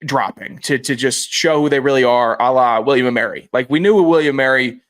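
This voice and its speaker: A young man from Virginia co-hosting a casual sports podcast with a sore voice, rambling with halting restarts. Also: medium pitch, fairly bright tone, no echo. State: sore voice, coughing. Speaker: podcast co-host.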